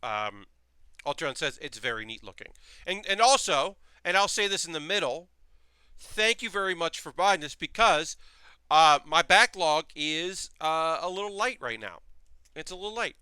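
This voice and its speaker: A man's voice: a little high, lively intonation, moderate pace, bright, forceful tone, clean tone, no room sound. A man hosting a live stream in casual, rambling chat, reading messages from his chat aloud as he builds model kits.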